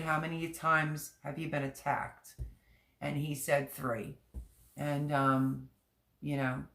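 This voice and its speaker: Her voice is low-pitched with a fairly bright tone. Hosting a casual livestream from home in an echoey room, this middle-aged woman speaks candidly and emotionally, rambling and going over the same points repeatedly.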